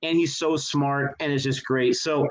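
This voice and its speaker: A man's voice: mid-range voice, steady tone, unhurried, rough recording. A man in his thirties co-hosting a casual movie review chat, gushing with enthusiasm. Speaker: co-host of a movie review show. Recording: connection issues on the audio.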